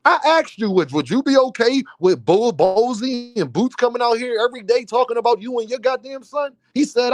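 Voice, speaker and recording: Heated high-voiced man ranting on stream. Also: big pitch swings, a little fast, few pauses, no echo. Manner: heated, insistent, slangy, talks straight to chat. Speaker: boxing commentary streamer. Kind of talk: live stream rant.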